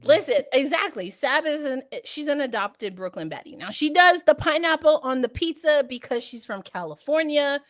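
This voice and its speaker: A woman with a New York accent co-hosting a podcast, chatting in a playful, slangy, animated way. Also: sits high, moderate pace, few pauses. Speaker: podcast co-host. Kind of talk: casual chat.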